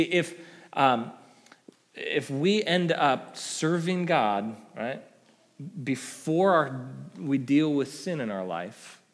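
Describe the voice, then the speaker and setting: Male pastor preaching, mid-range voice, casual "right?" asides, dynamic loud-soft delivery, in a reverberant church hall. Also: medium pitch. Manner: conversational preaching with frequent "right?" tag questions; swings between loud emphatic peaks and soft dropped endings. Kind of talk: sermon.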